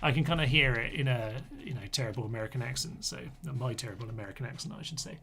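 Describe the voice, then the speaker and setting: A man talks his way through a strategy game on a live stream, in a relaxed and rambling manner. His voice sits at an ordinary middle pitch. He drifts into chatty, self-mocking asides as he goes. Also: fast talker, gravelly, heavy background noise. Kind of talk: casual live-stream commentary.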